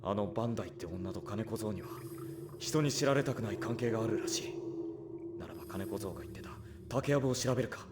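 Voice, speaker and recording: A man's voice: fairly low pitch, expressive, very fast, close to an everyday voice. A man voicing a stern young swordsman in a video game, curt and commanding. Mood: grim. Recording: game audio with clear background noise.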